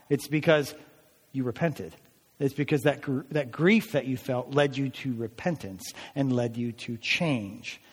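A man's voice: fairly high pitch, big-room sound. A man preaching a sermon as a pastor, earnest and emphatic, his voice rising on pleading passages.

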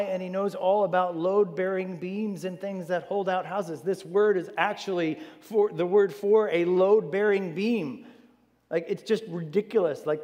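Animated preacher in a reverberant hall. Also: male voice, high-pitched. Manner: animated, jokey asides, repeats words. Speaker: pastor. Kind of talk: sermon. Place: church hall.

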